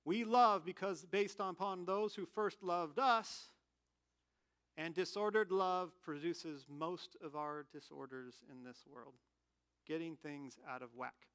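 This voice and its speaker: A man preaching a sermon in a candid, animated, conversational way, telling personal stories. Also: a little high, slow pace, clear, resonant tone. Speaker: pastor.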